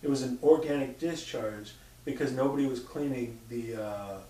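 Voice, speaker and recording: A man tells stories casually, with free swearing and acted-out sounds and quotes. He has a warm, medium-pitched voice and speaks at normal speed. The recording sounds roomy due to a distant microphone.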